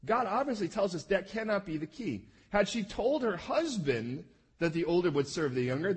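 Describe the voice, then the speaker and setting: Lively, husky-voiced man preaching. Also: high-pitched. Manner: conversational, checks in with listeners, acts out quoted lines. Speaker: pastor. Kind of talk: sermon.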